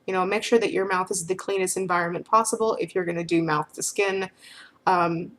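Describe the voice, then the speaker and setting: Woman vlogger, mid-pitched, frank and chatty, lots of filler phrases, casual Q&A. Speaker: vlogger answering questions. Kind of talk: casual talk to camera.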